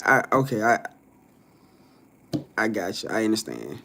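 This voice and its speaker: A man hosting a casual live stream, reading viewer comments aloud and answering them in a loose, profane, animated way with frequent laughter. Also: lowish voice, measured pace, gravelly, slight background noise.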